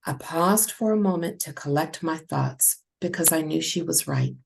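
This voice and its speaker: A woman narrating her own story in the first person, in a steady, measured reading. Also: sits low, gravelly, slightly rough, low-quality recording.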